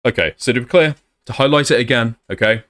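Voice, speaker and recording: A man's voice: mid-range voice, fast, fairly bright tone. A man doing sarcastic, blunt commentary while reading messages aloud.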